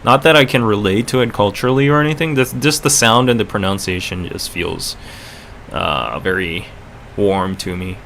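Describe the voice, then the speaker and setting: A man's voice: lowish voice, normal speed, a bit bright, slight background noise. A man hosting a casual livestream podcast with a North American accent, rambling and chatty with lots of fillers. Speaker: podcast host.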